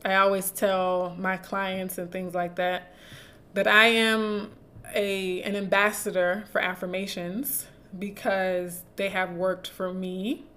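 A woman hosting a livestream who reads affirmations slowly and deliberately, with pauses, then chats warmly with her viewers and laughs easily. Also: medium pitch. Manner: slow, deliberate, soothing reading with pauses. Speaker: livestream host reading affirmations. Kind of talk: slow reading of affirmations, then casual chat with viewers.

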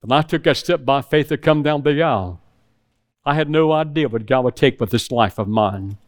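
A man's voice: medium pitch, normal speed. A middle-aged man preaching a sermon to a room of men, telling a personal story and acting out the phone calls in it. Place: church hall with audience.

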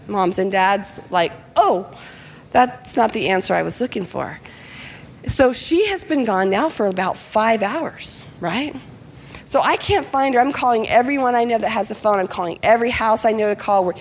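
A woman's voice: a little high, a little hiss or hum. Woman pastor telling a story in a hall. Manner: animated, acts out quoted voices. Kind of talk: sermon storytelling. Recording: long hall reverb.

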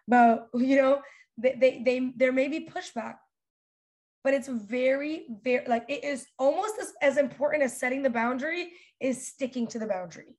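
A young woman hosting a podcast, giving casual, animated advice with many fillers and restarts. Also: high voice, normal speed. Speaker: podcast host.

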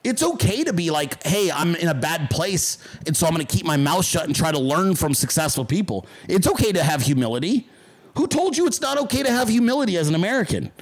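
A man's voice: fairly high pitch, sing-song, a little fast. A man hosting a casual livestream show, talking bluntly and with lots of swearing, and mocking his critics in put-on voices. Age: adult. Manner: blunt, profane, combative; mocks callers in put-on voices. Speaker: podcast host.

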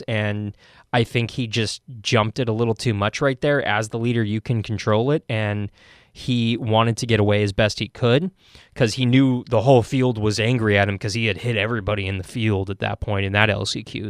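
A man's voice: smooth, no echo, clean studio sound. A man hosting a racing podcast, telling a story casually and animatedly, with many fillers. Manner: animated, many fillers, acts out quotes in a high shout.

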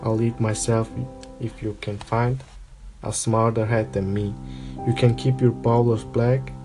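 A man voicing an old magical talking hat that muses slowly over its choices in a storybook reading. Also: medium pitch, flat delivery, music in the background, natural voice. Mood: sing-song verse. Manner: musing, drawn-out and pondering.

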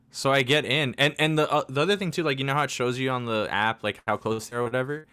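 A man's voice: mid-range voice, quick pace, few pauses, bright, forceful tone, clean tone. A man co-hosting a podcast, telling a rambling story in casual chat, swearing and laughing as he goes. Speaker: podcast co-host.

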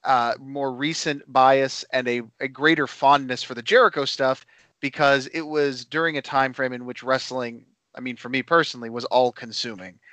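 A man co-hosting a casual wrestling podcast, animated and playful as he banters with his co-host. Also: medium pitch, normal speed, no echo.

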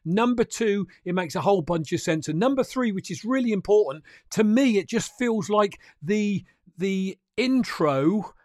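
A man's voice: high-pitched, lively intonation, moderate pace, a little mellow, dry recording, clean studio sound. A man hosting a crypto news livestream, talking to viewers in a chatty, emphatic way. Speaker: crypto news show host. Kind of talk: casual livestream commentary.

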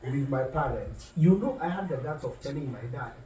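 A young man with a Kenyan accent telling an animated story in casual podcast chat, slipping between English and Swahili. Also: mid-range voice, normal speed. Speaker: podcast co-host. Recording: echoey room, distant mic, faint noise.

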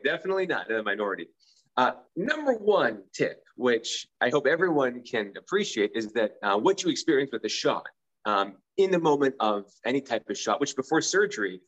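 A man's voice: mid-range voice, a bit bright, dull audio. A man with a mid-range voice speaks in a casual conversation. He is an anesthesia clinician who explains patient care in an earnest, enthusiastic way. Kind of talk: casual chat.

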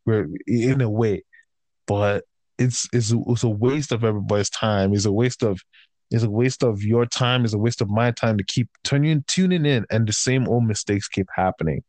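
A man's voice: fairly low pitch, normal speed, darkish tone, dry recording. A man ranting in casual chat, heated and profane, swinging between raised outbursts and tired, fed-up grumbling.

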